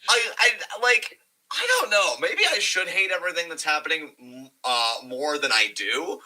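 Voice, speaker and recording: Bright, swearing, animated male podcaster. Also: a little high, moderate pace, rough recording. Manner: animated, profane, rambling. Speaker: podcast co-host. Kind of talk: casual wrestling review chat.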